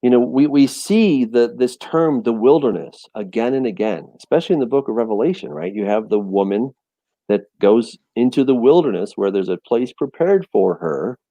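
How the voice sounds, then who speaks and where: A man in a casual Bible discussion, animated and storytelling, often repeating words as he restarts. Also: medium pitch, moderate pace, no room sound, dull audio. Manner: animated storytelling, acts out voices and quotes. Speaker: teacher of a Bible study show.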